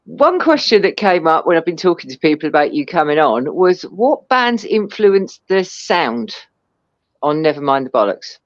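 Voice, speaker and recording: An English woman hosts with a lively, swinging voice, chatty and eager. Her audio sounds dull and muffled, as if through a cheap mic. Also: low-pitched, moderate pace. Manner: chatty, enthusiastic, laughs easily. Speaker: host. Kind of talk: casual interview chat.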